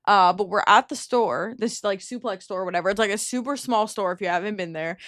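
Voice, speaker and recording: A woman's voice: medium pitch, fairly quick, a bit bright, no echo, clean studio sound. A young woman co-hosting a casual podcast, chatty and laughing, swearing freely as she tells stories. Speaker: podcast co-host. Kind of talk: casual chat.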